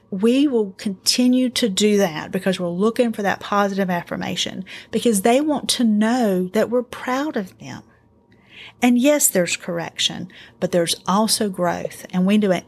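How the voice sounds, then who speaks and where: A middle-aged woman hosting a casual faith-based parenting talk, earnest and encouraging, telling family stories in an animated way. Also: mid-range voice, slightly rough. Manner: earnest, encouraging, animated storytelling with acted quotes. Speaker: podcast host.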